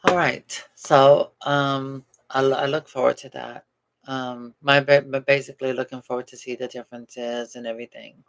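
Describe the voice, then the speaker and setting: A man chatting casually to viewers about travel plans in a rambling, animated way with easy laughs. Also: mid-range voice, normal speed, gravelly. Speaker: doll channel vlogger. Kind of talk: casual chat.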